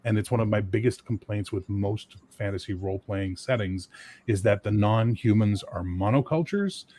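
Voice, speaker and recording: A man on a relaxed gaming podcast, airing strong opinions with energy. His voice sits fairly low, and he breaks into joking accents mid-thought. The talk stays loose and conversational. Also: normal speed, a little hiss or hum. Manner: opinionated, lively, slips into comic accents. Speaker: game designer on a panel. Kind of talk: casual podcast chat.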